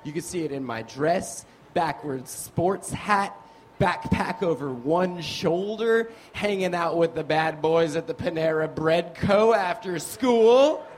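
A cocky bad-boy comic in a fake New York accent barks and brags in a high, pushy voice, as a man puts him on on stage. He turns from swagger to shouting at the crowd. A faint hiss sits under the voice. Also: slow. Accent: put-on New York. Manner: cocky, shouting, fake tough-guy act. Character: brash self-styled bad boy comic, adult man.

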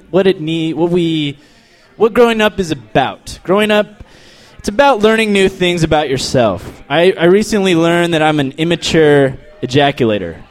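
A young man from Texas doing a crude, deadpan stand-up set, then chatting casually about himself. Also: sits high. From El Paso, Texas. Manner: deadpan, crude, stumbling restarts. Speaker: stand-up comedian.

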